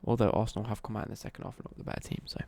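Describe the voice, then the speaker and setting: This young man from the East Midlands, England, talks casually on a live stream, wandering, self-correcting and lightly cursing as he handles viewer questions. His voice is lowish, steady and mellow, and he speaks very fast.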